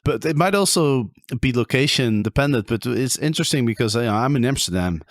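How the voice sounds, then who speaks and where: A man hosting a podcast who chats in a relaxed, casual way with frequent fillers and light laughs. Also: mid-range voice, brisk, no room sound, studio quality. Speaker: podcast host. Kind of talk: casual interview chat.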